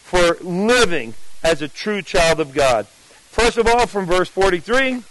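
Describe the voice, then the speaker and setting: Unhurried and high-pitched, this pastor from New Jersey builds his sermon around a personal story, voicing the dialogue with lively changes. The audio quality is poor.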